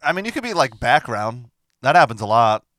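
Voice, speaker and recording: A man co-hosting a comedy podcast in casual chat, teasing with deadpan jokes. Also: medium pitch, a little fast, no room sound.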